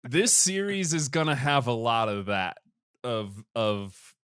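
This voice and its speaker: A man's voice: mid-range voice, sing-song, slow, a bit bright, clean tone, dry recording, studio quality. A man hosting a casual podcast, joking and rambling with wry asides. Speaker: podcast host. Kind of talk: casual chat.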